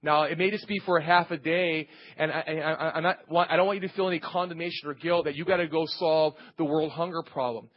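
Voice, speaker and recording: A man's voice: a little high, steady tone, fast, few pauses. Rambling man preaching a testimony. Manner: rambling, repeats words and restarts, storytelling. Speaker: lay preacher. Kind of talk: informal sermon with personal testimony. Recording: dull lo-fi church audio.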